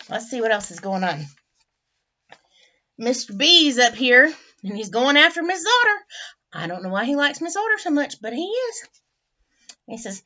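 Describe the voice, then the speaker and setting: A woman teacher reading a picture book aloud to children, animated and chatty, with friendly asides. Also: fairly high pitch, normal speed, pauses often. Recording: dull lo-fi recording.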